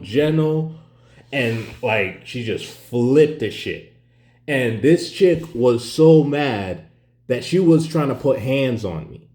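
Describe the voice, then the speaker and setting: A man's voice: medium pitch, a little mellow. A man telling a story as a profane, sarcastic rant, in an echoey room.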